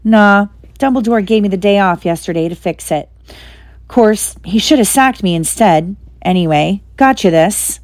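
A woman's voice: medium pitch, measured pace, no room sound, close to an everyday voice. Lady reading as hagrid, huge bearded gamekeeper, blubbering, kind, audiobook. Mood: gentle. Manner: sobbing, broken rustic speech.

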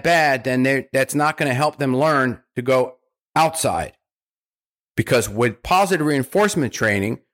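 A man's voice: mid-range voice, fairly bright tone. A man, a dog trainer, explaining house training in plain, repetitive steps, lifting his voice when acting out praise. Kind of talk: instructional talk.

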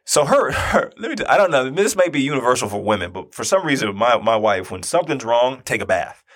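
A man in his forties with a husky, slightly breathy voice, telling a personal story in a loose, conversational way. He keeps checking in with his listeners as he goes, and his delivery stays animated. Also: medium pitch, a little fast. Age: 40s. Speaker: speaker and youth basketball coach.

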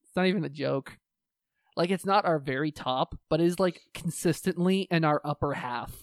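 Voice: mid-range voice, normal speed, no room sound, studio quality. A podcast co-host chatting casually, swearing often and ranting with energy about shows they love and hate. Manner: profane, animated ranting.

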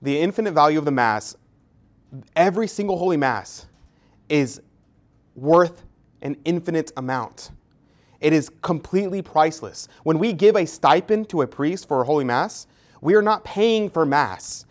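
A man's voice: on the high side, expressive, moderate pace. Earnest man preaching on the Mass. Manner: earnest, emphatic, repeats words and restarts. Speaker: Catholic speaker. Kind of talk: catechetical talk with a story.

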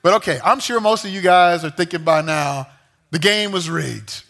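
A man preaching a sermon to a young crowd, telling a story with lively, joking asides. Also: sits high, normal speed, vocal fry. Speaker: youth pastor.

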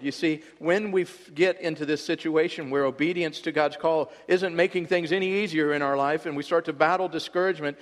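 A man preaching a sermon as a pastor, impassioned, his voice swelling and then dropping low for emphasis. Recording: long hall reverb.

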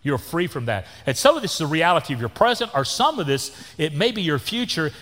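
A Texan pastor in his sixties preaches in a church with a long, ringing reverb. His voice is fairly high for a man and swings widely up and down. He keeps a folksy, joking tone full of down-home sayings. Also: very animated, fairly quick, hardly any pauses, fairly bright tone. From Texas. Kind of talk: sermon. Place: church sanctuary.

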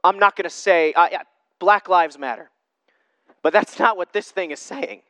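Male preacher, high voice, emphatic casual sermon, dry close sound. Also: moderate pace, pushed and bright, smooth, no room sound. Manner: emphatic, repeats rhetorical questions. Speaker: Christian preacher. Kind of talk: informal sermon.

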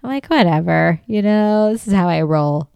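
A woman's voice: lowish voice, lively intonation, normal speed, creaky, dark tone, clear, resonant tone, no echo. A middle-aged woman hosting a comedy podcast, telling a story in a casual way and laughing often as she talks. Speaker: podcast host.

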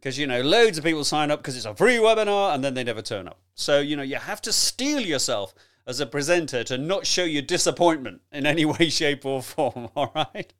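Man, presentation coach, lively swooping intonation, slightly higher voice, chatty, laughs a lot. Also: fairly quick. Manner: animated, chatty, laughs often, direct address. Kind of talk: conversational teaching talk.

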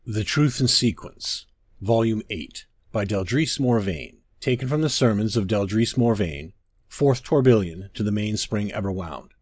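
A man's voice: lowish voice, lively intonation, unhurried, dry recording, studio quality. Solemn man reading a sermon. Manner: solemn, declamatory. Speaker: narrator.

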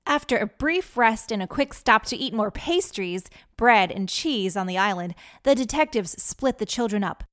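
A woman narrating a children's adventure story in a lively, clear manner. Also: mid-range voice, normal speed, hardly any pauses.

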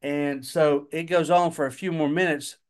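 A man telling a family story in a measured, dry way on a podcast. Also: on the high side, steady tone, clean tone. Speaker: podcast co-host, father. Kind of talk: casual storytelling chat.

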